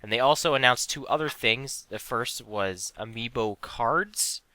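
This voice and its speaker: A man's voice: medium pitch, measured pace, pushed and bright, a little hiss or hum. A young man co-hosting a casual gaming podcast, listing news in a hesitant way with many ums and a voice that trails off. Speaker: podcast co-host.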